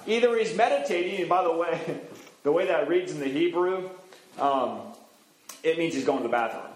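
A man's voice: a little high, normal speed. A man in the role of pastor giving a sermon, teaching from the Bible in a conversational way with frequent fillers. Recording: roomy echo.

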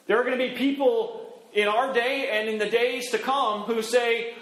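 A middle-aged male pastor delivers an animated sermon in a fairly high voice, throwing his pitch up and down to act out the people he quotes. The sound rings around an echoey room. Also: moderate pace.

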